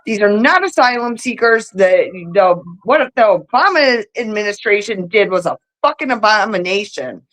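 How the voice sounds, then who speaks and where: A woman's voice: medium pitch, animated, moderate pace, hardly any pauses, a bit bright, low-quality recording. A woman guest on a video call, ranting bluntly and profanely in a heated political chat.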